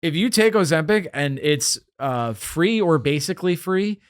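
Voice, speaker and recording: A man hosts a podcast in loose, casual chat. His voice sits a touch high for a man, and he rambles and jokes, often cutting off and restarting his sentences. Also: lively intonation, moderate pace, clear, resonant tone. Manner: rambling, self-interrupting, joking. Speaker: podcast host.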